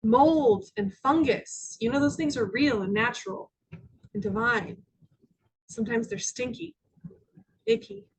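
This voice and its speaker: Lady minister giving a talk to her congregation, high voice w a husky edge, tells stories n does little voices. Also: rough recording. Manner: storytelling, acting out quoted voices, dropping to soft near-whispers. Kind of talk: spiritual talk with personal stories. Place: church sanctuary with audience.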